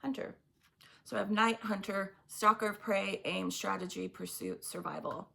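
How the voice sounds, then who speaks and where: A woman's voice: medium pitch, fairly even intonation, moderate pace, vocal fry, pushed and bright, breathy edge. A woman doing a casual tarot reading, chatty and blunt, often laughing as she talks. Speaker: tarot reader.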